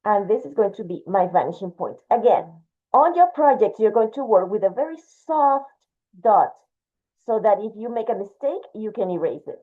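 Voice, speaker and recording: A woman's voice: medium pitch, sing-song, normal speed. Patient woman teaching drawing, tinny sound. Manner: patient, explains step by step, talks while drawing. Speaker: art teacher. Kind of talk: drawing lesson, demonstrating. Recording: tinny phone-like audio.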